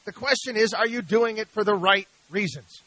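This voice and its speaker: A radio host holds forth alone at the mic, pressing his points with rhetorical questions and repeated slogans. His voice sits high and bright. The studio sound is close and dry. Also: normal speed, dry recording, low-quality recording. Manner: emphatic, preachy, rhetorical questions. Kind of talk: opinionated radio monologue.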